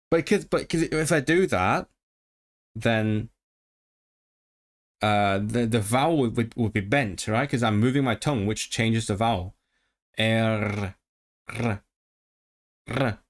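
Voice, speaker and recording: A man of ordinary pitch talking casually to his livestream audience. He thinks out loud, often restarting sentences. Now and then he breaks off to practice rolling his Rs. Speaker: streamer.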